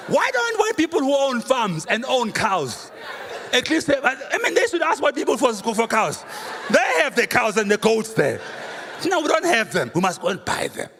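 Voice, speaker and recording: A man, a pastor preaching a sermon with humorous, animated storytelling and rhetorical questions. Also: very high voice. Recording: reverberant hall, faint room noise.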